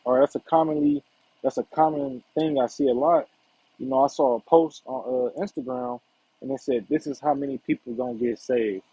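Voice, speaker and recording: A man's voice: mid-range voice, fairly even intonation, normal speed, dark tone, husky, no room sound. A man giving a casual Bible lesson in a conversational way, often checking in with "right?" and "all right". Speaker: Bible teacher. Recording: dull lo-fi recording.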